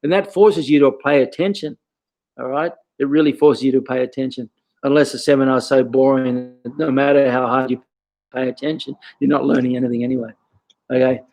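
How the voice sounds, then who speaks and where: A man's voice: mid-range voice, steady tone, brisk, a little mellow. A man, a karate instructor giving casual teaching advice, peppering his talk with questions and "okay".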